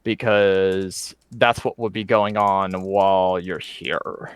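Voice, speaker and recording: A man's voice: low-pitched, steady tone, slow, clean tone, dry recording. A man narrating a tabletop game as game master over voice chat, talking casually and meanderingly with many fillers.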